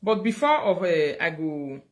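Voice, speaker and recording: A woman with a Nigerian Pidgin English accent hosting a casual livestream, animated, thanking viewers loudly and switching into Pidgin. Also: lowish voice, unhurried, crowd noise. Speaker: livestream host.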